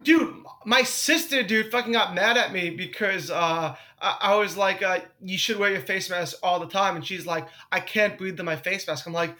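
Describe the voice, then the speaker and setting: A man in his thirties in casual podcast chat, excitable and swearing often, laughing at his own jokes. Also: sits high, normal speed, few pauses. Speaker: podcast co-host.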